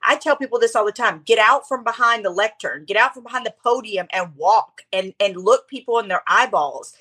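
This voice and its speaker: A middle-aged woman chatting as a podcast guest, telling stories in an animated way with quick asides. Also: a little high, husky. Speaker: podcast guest, speaker coach. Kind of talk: casual interview chat.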